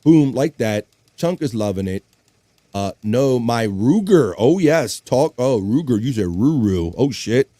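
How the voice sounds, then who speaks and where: A man's voice: medium pitch, a little slow, dry recording. A man hosting a casual livestream, reading out viewer comments, joking crudely and hyping up donations. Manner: animated, hypes up donations, jokes crudely. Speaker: livestream host.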